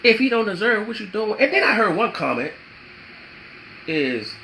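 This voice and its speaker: A man with a bright, forceful voice delivers relationship advice like a sermon. He repeats himself for emphasis and drifts into spiritual asides. A faint hiss sits under his voice. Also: sits high, big pitch swings, moderate pace, gravelly, low-quality recording. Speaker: vlogger giving relationship advice. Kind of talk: preachy motivational talk.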